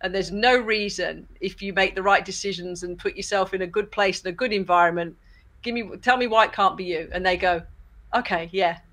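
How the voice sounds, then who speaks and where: Bright-voiced, enthusiastic woman. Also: mid-range voice, fairly even intonation. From England. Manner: enthusiastic, laughs easily, talks in quick bursts. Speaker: interview guest, former athlete and broadcaster. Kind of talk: casual interview chat.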